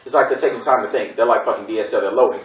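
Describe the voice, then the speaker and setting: A man's voice: on the low side, steady tone, rapid-fire, background noise. A man from Gary, Indiana, doing a loose, profane stand-up routine full of digressions and put-on voices. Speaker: stand-up comedian. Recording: echoey room from a distance.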